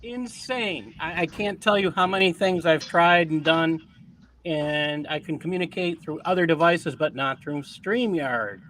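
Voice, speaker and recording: A man's voice: a little high, fairly bright tone, slight background noise. Earnest man reading scripture aloud. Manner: earnest, deliberate reading with emphatic rises. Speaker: host of a Christian news show.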